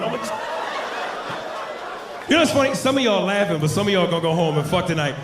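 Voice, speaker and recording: Brash high-voiced man doing stand-up. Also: lively intonation, quick pace, pauses often. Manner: loud, brash, bursts into shouted sound effects. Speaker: stand-up comedian. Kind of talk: stand-up comedy set. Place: comedy club stage with live audience. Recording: roomy live club sound with audience noise.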